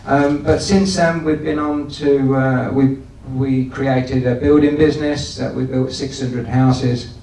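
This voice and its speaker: Man telling business stories, mellow voice, distant in a roomy hall. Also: mid-range voice, level tone, slow pace, hardly any pauses, a little hiss or hum. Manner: anecdotal, folksy, with frequent restarts. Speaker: guest speaker. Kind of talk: business talk to an audience. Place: event hall. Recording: echoey hall, distant from the mic.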